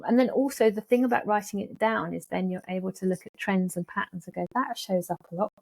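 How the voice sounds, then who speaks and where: A woman's voice: mid-range voice, fairly quick, gravelly, breathy edge. A woman psychologist, talking animatedly as an interview guest and acting out anxious thoughts. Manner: lively, animated, acts out thoughts in quoted voices. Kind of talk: casual interview talk.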